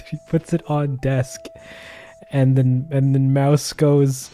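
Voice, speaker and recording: A man's voice: mid-range voice, slow pace, warm tone, soft background music. A man chatting casually and playfully while drawing live on stream, often laughing.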